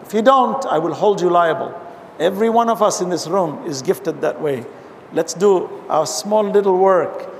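Man, high-pitched preacher voice, impassioned talk with recitation, long hall reverb, faint hiss. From abroad, now living in America. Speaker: Islamic speaker. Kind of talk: religious talk. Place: hall with an audience.

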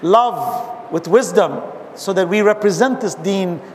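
Before a gathering in a hall, a man with a high voice, a measured pace and lively intonation delivers a fervent religious address, breaking up his explanations with recited Arabic verses. He is an Islamic speaker originally from abroad and now based in America, and the audio has hall reverb with faint background noise.

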